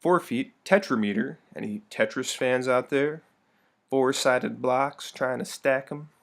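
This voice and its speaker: A man's voice: mid-range voice, a little slow, vocal fry. A young man teaching a recorded lesson, playful and full of joking asides.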